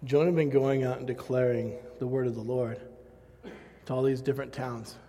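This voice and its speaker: A man's voice: medium pitch, steady tone, fairly quick, dark tone, slight background noise. A man preaching a sermon and telling a self-mocking personal story, laughing often. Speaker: pastor. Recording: long hall reverb.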